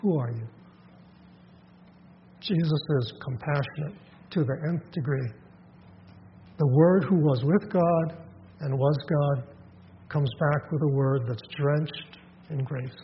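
A man with a fairly high voice preaching a sermon in a church hall, telling scenes with lively voiced asides and frequent restarts. The sound is dull and lo-fi, with a long reverb trailing each phrase and a faint hiss underneath. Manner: animated retelling with quick voiced asides and many restarts. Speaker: pastor.

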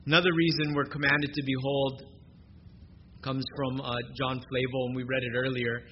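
Earnest preacher, lo-fi recording. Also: male voice, medium pitch, little pitch movement, moderate pace. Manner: earnest preaching, swings between soft and emphatic. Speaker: pastor. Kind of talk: sermon. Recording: dull lo-fi recording with noise.

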